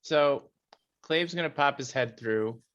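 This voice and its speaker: A man's voice: mid-range voice, takes it slowly, fairly bright tone, highs cut off. A man playing a tabletop game, thinking aloud and planning his moves step by step. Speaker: player.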